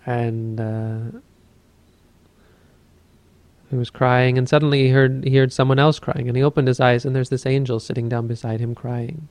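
Man giving a buddhist talk, calm steady storytelling, dark mellow tone. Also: medium pitch, brisk. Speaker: Buddhist teacher. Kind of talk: dharma talk.

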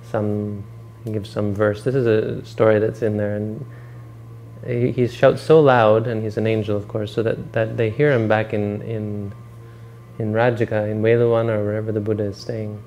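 A man giving a dharma talk, retelling a story in a relaxed, rambling way and correcting himself as he goes. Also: lowish voice, normal speed, dull audio, a little hiss or hum. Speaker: meditation teacher.

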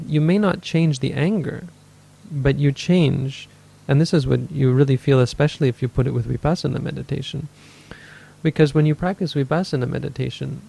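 A medium-pitched man with vocal fry and a warm tone gives a dharma talk answering questions. This meditation teacher muses aloud, catches and corrects himself, and performs the inner voices people hear.

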